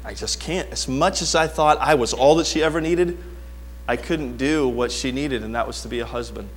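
A middle-aged man preaching a sermon, telling stories with animated swings from quiet asides to near-shouting. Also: mid-range voice, moderate pace. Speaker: pastor.

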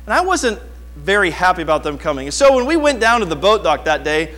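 A middle-aged male pastor with a fairly high voice, preaching in an animated storytelling way. He acts out his childhood self in the lines of the story, then moves into the scripture lesson. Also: quick pace. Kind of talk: sermon with personal story.

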